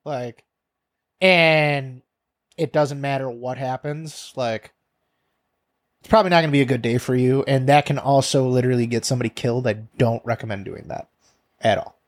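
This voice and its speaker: A man's voice: mid-range voice, normal speed, long pauses. A man co-hosting a podcast, giving blunt opinions in casual chat, with many fillers. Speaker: podcast co-host.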